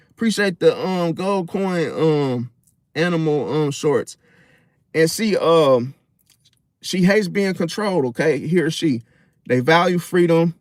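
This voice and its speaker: A man's voice: a little high, expressive, takes it slowly, no room sound, studio quality. A man in a casual, rambling monologue about relationships and astrology, slangy and profane, full of fillers.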